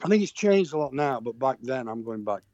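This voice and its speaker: A middle-aged Yorkshire man from Sheffield spins a rambling tour story, stopping and restarting with plenty of fillers. His voice sits at an everyday middle pitch. The sound is dull and muffled, close and dry. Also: expressive, fairly quick, darkish tone, no room sound. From Sheffield, England. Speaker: touring musician guest. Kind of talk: anecdotal interview chat.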